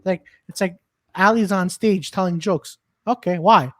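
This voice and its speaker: A man's voice: high voice, a little slow, fairly bright tone. A man, a comedian, telling rambling stories in casual chat, full of restarts and repeats. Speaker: comedian and podcast co-host.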